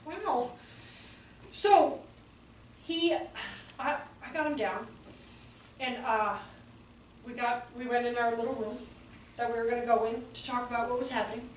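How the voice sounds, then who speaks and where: A woman teaching a workshop for early childhood teachers to a live audience, animated and often acting out voices and exclamations. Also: fairly high pitch, moderate pace, pauses often. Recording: roomy echo, voice from a distance, faint background noise.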